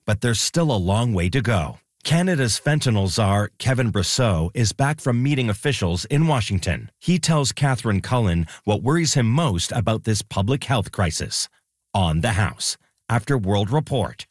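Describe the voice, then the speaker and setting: A man announcing an upcoming radio program in a lively, promotional tone. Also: lowish voice, moderate pace, dry recording, studio quality.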